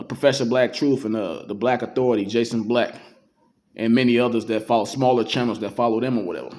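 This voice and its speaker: A man's voice: mid-range voice, darkish tone. Emphatic man preaching casually. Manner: emphatic, street-casual, slows down to read verses aloud. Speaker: religious commentator. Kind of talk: casual preaching commentary reading scripture.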